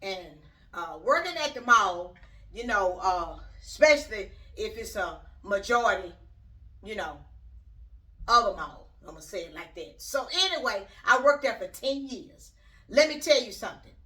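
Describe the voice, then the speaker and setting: Bright-voiced blunt woman vlogger. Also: mid-range voice, lively intonation, normal speed, recorded from a distance. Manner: blunt, rambling, talks straight to viewers. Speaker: YouTube channel host. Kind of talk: casual opinion vlog.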